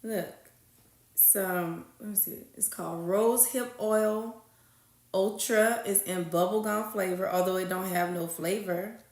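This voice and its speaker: In an echoey room, a woman hosts a casual livestream, chatting with viewers, greeting them by name, and calling them honey and y'all. Her mid-range voice is a little slow and a little mellow, with fairly even intonation.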